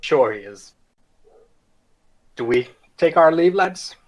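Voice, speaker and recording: A man's voice: on the high side, animated, slow. A man playing a tabletop game, teasing and wry. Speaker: player.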